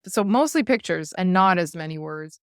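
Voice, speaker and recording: A woman with a fairly low voice talks over a video call as an interview guest. She is earnest and animated and laughs now and then through her stories. The sound is dry and close, with no room around it. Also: normal speed, dry recording. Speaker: guest speaker. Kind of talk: casual interview chat.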